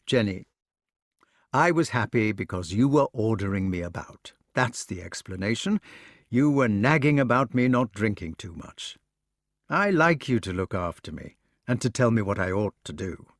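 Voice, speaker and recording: An earnest, brooding knight who pleads and broods in turn, read by a man. The voice moves lively up and down in a storybook reading. The sound is dry and close. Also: fairly low pitch, moderate pace, no room sound.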